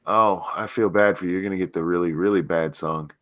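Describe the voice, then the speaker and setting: A man's voice: deep voice, steady tone, a little fast, dry recording, studio quality. A man hosting a live stream in casual chat, stuffy and unwell, joking and swearing as he goes. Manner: joking, profane, easily sidetracked. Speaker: stream host.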